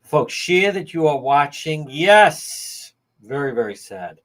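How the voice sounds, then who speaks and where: Fired-up guy on a livestream talking to chat, pitch jumping all over. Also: big pitch swings, slow pace, a bit bright. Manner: heated, indignant, greets viewers by name. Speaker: livestream host. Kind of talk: livestream commentary to viewers.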